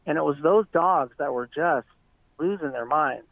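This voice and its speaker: A man's voice: fairly high pitch, normal speed, gravelly, no echo. A middle-aged man, an eyewitness guest, earnestly telling a long story in casual, rambling talk over a tinny phone line.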